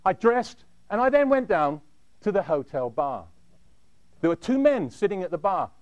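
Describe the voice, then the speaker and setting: A man telling a dramatic first-person story in a measured way, dropping low at the end of his phrases. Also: very animated, a little mellow, dry recording, highs cut off.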